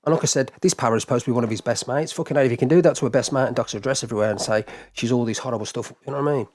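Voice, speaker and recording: A man's voice: mid-range voice, very fast, a little mellow, a little hiss or hum. A man hosting a live stream, ranting to his viewers with heated, repetitive talk and frequent swearing. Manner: heated, swearing, repetitive, talks straight to chat. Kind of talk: casual live-stream rant.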